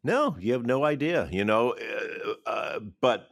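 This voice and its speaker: A man, a film director, talking in an interview from his office, animated, laughing often and acting out quotes. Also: medium pitch, unhurried, creaky, no echo, studio quality. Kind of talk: interview conversation.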